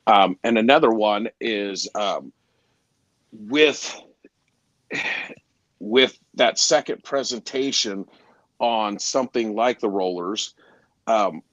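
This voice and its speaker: A man, a garage door salesperson, telling lively stories in a casual interview, acting out the dialogue and sometimes losing his train of thought. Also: fairly low pitch, slow, long pauses, no room sound, highs cut off. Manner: animated, acts out dialogue in stories.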